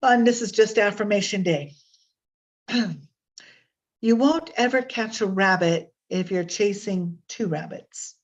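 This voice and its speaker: Speaking a little slowly with long pauses, a woman with a medium-pitched voice hosts a casual online session over a webcam video call. She offers a spoken reflection with readings, chatty and meandering, full of fillers and restarts, in slightly dull lo-fi audio.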